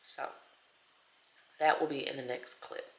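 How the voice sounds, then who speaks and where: A young woman vlogging at home, telling stories in a chatty, animated way and acting out what people said. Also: rumbling low, a little slow, creaky. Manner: chatty, animated, acts out quotes. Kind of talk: casual storytelling vlog. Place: home, small room. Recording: echoey room.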